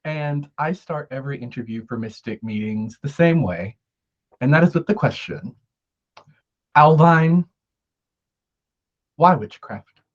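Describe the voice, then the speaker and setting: A man's voice: medium pitch, expressive, moderate pace, highs cut off. A man hosting an interview show, talking in a bubbly, giggly, effusive way. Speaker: host. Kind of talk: casual interview chat.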